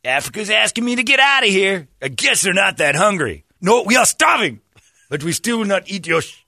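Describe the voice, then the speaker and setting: A man putting on the voice of a proud, starving male villager in a mocking, exaggerated, shouty way. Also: high voice, big pitch swings, brisk, vocal fry, no room sound, clean studio sound, voice pushed up, heavily acted. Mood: scornful.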